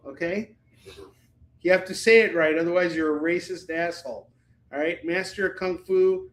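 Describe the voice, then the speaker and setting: A man's voice: high voice, steady tone, moderate pace, a bit bright, roomy sound, low-quality recording. A man hosting a live comic book sales stream, chatting casually in a rambling, jokey way.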